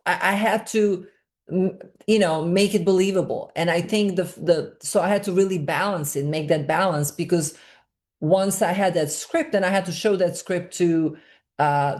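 A woman speaks in a somewhat low voice, answering an interviewer earnestly. She explains at length and repeats words as she searches for her point. The tone is that of a filmmaker discussing her own work. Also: moderate pace, darkish tone.

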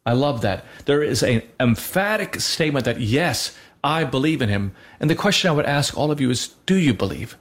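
A man's voice: mid-range voice, lively intonation, normal speed, few pauses. Earnest man teaching on a talk show. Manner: earnest, with many fillers and restarts. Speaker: co-host of a Christian show. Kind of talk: conversational teaching.

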